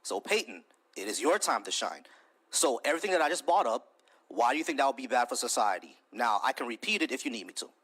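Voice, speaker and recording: A man hosts a heated live debate over a voice call, his voice husky and sitting at an ordinary middle pitch. He cuts in constantly, fires off repeated words in quick bursts and swears without holding back. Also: very animated, fairly bright tone. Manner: interrupts, repeats words rapidly, swears freely. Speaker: debate stream host.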